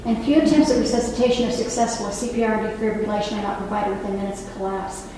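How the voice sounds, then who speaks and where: Speaking fast and in a steady tone at a medium pitch, this woman, a nurse over sixty-five, gives a sincere public talk in a library meeting room and draws the audience in with asides and questions. There's noise in the background, the space is echoey, and the mic is distant.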